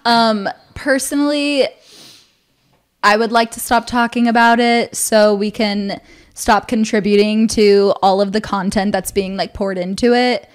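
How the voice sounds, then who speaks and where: A young woman co-hosting a podcast, chatting casually in a measured way, often pausing with um. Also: medium pitch, steady tone. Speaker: podcast co-host. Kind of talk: casual chat.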